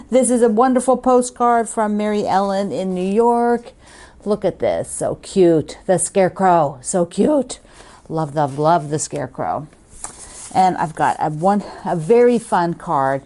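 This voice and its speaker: A woman's voice: medium pitch, expressive, takes it slowly, dark tone. A woman hosting a quilting video, chatting casually and gushing as she opens fan mail, laughing often. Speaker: quilting show host.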